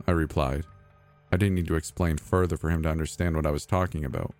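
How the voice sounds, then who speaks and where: A man narrating a scripted horror story in a soft, measured, even reading. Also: very deep voice. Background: faint music.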